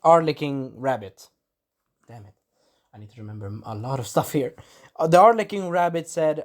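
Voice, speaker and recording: A man's voice: a little high, moderate pace, long pauses. A man casually recapping an anime episode as a reviewer, rambling loosely and acting out bits of dialogue. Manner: rambling, loose storytelling, acts out the quotes.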